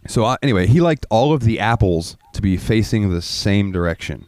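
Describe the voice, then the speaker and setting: A low-pitched man hosting a podcast, spinning loose, foul-mouthed stories full of ums and asides. His voice sits close and dry on the mic, with no room sound around it. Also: lively intonation, a little fast, a little mellow, no echo. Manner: rambling, profane anecdotes with filler words. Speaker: podcast host. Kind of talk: casual storytelling chat.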